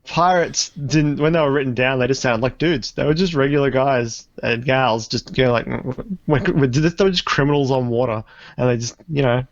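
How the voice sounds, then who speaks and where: A man's voice: mid-range voice, normal speed, dry recording, dull audio. A man co-hosting a casual comedy podcast, rambling through a story with frequent laughs and restarts. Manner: rambling, laughs often, trails off mid-sentence. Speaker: podcast co-host.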